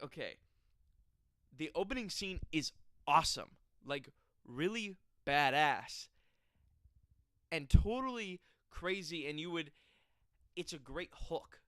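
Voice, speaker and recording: A man's voice: on the high side, fairly bright tone, dry recording, studio quality. A man giving a casual, chatty film review, laughing and adding exaggerated asides. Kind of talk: casual movie review vlog.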